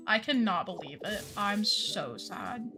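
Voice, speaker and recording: A woman's voice: medium pitch, expressive, measured pace. A woman streaming a video game, chatting casually with her viewers and leaning on filler words as she talks. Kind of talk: casual gameplay chat with chat. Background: game music.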